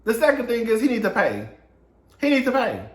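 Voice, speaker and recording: A man's voice: very high-pitched, wildly swooping pitch, fairly quick, echoey room. A man doing a casual celebrity gossip monologue, sassy and laughing often, calling listeners girl and honey. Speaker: gossip commentator.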